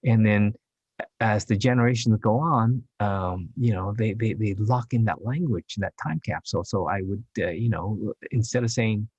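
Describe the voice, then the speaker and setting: A man who is an actor, speaking English as a later language, chatting as a podcast guest in a rambling, halting way with frequent laughs. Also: fairly low pitch, darkish tone, breathy edge, no room sound, highs cut off. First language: Chinese dialect. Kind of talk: casual interview chat.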